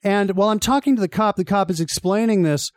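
A young man hosting a radio show, telling a funny story in an animated way and laughing as he goes. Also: high-pitched, quick pace, no room sound, clean studio sound. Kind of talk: casual storytelling chat.

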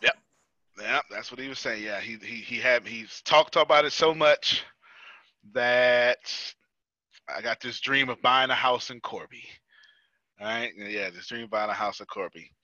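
An American man running a team meeting in a loose, joking way, laughing as he tells work stories. His voice is very bright and sharp. The sound is dry and a little muffled. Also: medium pitch, a little slow, no room sound. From United States. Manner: joking, storytelling, laughs often. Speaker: meeting host. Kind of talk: casual team meeting talk.

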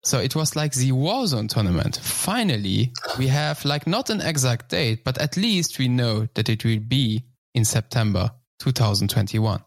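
A man's voice: mid-range voice, animated, dry recording, studio quality. Joking co-host man. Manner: joking, halting speech. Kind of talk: casual podcast banter.

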